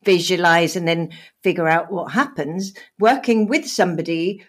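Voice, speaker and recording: A woman's voice: on the low side, normal speed, slightly rough. A middle-aged woman co-hosting a podcast, chatting openly over a video call, laughing often and speaking with feeling. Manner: animated, laughs often, emotional and open. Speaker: podcast co-host.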